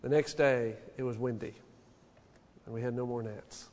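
A man in his forties preaching a sermon, telling stories with an animated, folksy manner. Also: mid-range voice, normal speed. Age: 40s. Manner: storytelling, animated, folksy asides. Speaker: pastor. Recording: long hall reverb.

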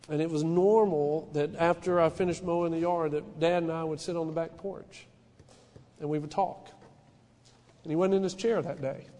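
High-voiced pastor preaching in a reverberant hall. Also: male voice, a little mellow. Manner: earnest, personal, with frequent restarts and rising emphasis. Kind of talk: sermon.

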